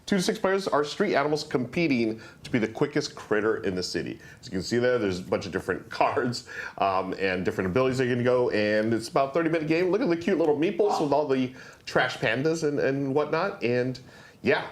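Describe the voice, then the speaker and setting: A male host chatting casually about tabletop games. His pitch moves a lot, and he speaks in an animated way with plenty of "uh"s and "um"s. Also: fairly quick. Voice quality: animated, chatty with many fillers. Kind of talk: casual chat.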